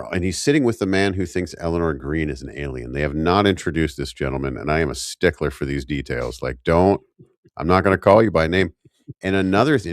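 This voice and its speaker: A man's voice: low-pitched, dry recording, studio quality. A man co-hosting a podcast, recapping a TV episode in a rambling way with jokey asides. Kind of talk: casual chat.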